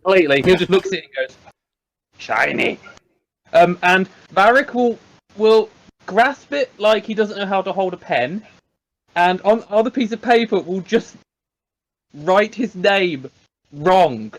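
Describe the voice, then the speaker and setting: A man's voice: sits high, animated, a little slow. A man playing a tabletop game, playfully describing his character's actions. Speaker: player. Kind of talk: casual tabletop play.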